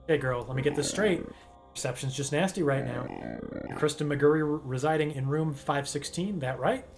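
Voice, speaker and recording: A man voicing a gruff, folksy office worker on a phone call, drawling and calling the caller girl. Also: fairly high pitch, a little fast, over music, close to an everyday voice.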